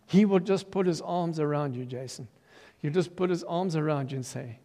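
An older man tells his story from the pulpit, animated and theatrical, acting out the voices of the people in it and rising into loud bursts of emphasis. His voice sits on the higher side. The sound rings with the long reverb of a large hall. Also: moderate pace, hardly any pauses. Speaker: preacher giving his testimony. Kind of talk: testimony sermon.

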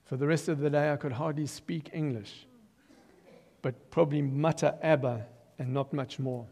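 A man's voice: fairly high pitch, normal speed, creaky. Older man preaching in a reverberant hall. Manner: animated storyteller, acts out quotes, bursts of loud emphasis. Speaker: preacher giving his testimony. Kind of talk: testimony sermon. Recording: long reverb of a large hall.

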